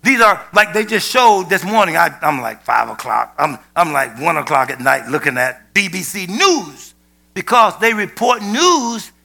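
Man, sermon, emphatic, loud peaks and quiet asides, high voice, sharp tone. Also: expressive, unhurried, creaky. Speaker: preacher.

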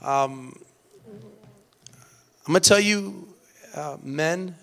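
A middle-aged man preaching with an earnest, storytelling delivery. He often repeats words as he builds a point. His voice sits fairly high for a man. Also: drawn-out words, gravelly, a bit bright. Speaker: pastor. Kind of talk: sermon.

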